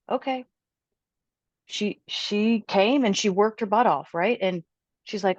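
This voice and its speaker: A woman personal trainer, a guest on a podcast, telling a client's story with animated quoting. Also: mid-range voice, slow pace, pauses often, dry recording, lo-fi sound. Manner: animated, quotes her client's words aloud.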